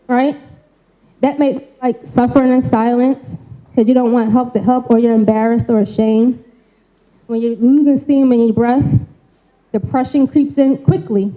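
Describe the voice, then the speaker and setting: Woman speaker, high voice, energetic, call-and-response with the audience, folksy phrasing, dull lo-fi recording. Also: measured pace, pauses often. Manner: energetic, coaxing call-and-response, frequent "right?" tags. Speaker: speaker giving a talk on mental health. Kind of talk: interactive live talk to an audience. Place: event stage before a live audience.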